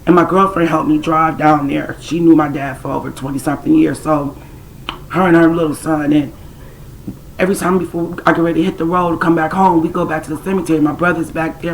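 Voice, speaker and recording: This self-described spiritual intuitive speaks in a low register with vocal fry, and the poor recording carries slight background noise. Talking directly to her viewers, she tells a personal spiritual tale in a blunt, streetwise, casual way, with occasional curses.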